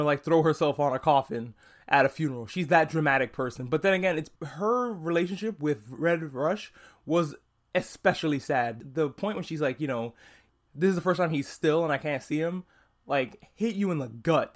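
A young man hosting a podcast, talking through a TV episode in a casual, animated and profane way, acting out characters' lines in quick asides. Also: fairly high pitch. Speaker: podcast host. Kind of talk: casual solo podcast review.

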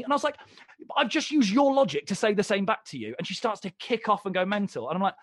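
An animated young man, a comedian guest on a podcast, tells a story with a lively, bouncing delivery and a slightly raised pitch. He swears freely and acts out both sides of the exchange. The sound is dry and close to the mic. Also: fast talker, dry recording. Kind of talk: casual storytelling chat.

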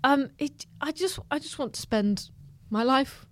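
A woman's voice: high voice, a little slow, fairly bright tone. A woman co-hosting a podcast in casual chat, giggly and playful, acting out quotes. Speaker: podcast co-host.

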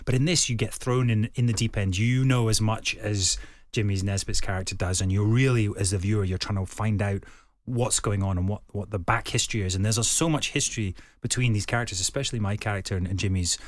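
A Scottish man with a lowish voice chats as an interview guest. He rambles a little, with plenty of fillers and restarts. His voice is recorded dry and close in a studio. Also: fast talker, no echo. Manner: chatty, with many fillers and restarts. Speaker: actor guest.

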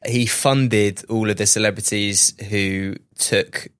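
A man with a lowish voice joins a podcast chat and puts questions to the others in a relaxed way. He is recorded close and dry. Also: takes it slowly, clean tone, no echo. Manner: questioning, conversational. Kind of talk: casual chat.

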